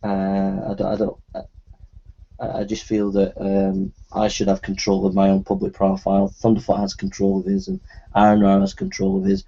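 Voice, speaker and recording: Halting, contrite man with a dark voice. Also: low-pitched, vocal fry, slightly rough, dull audio. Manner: halting, repeats words, earnest and contrite. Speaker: video maker. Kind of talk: spoken apology video.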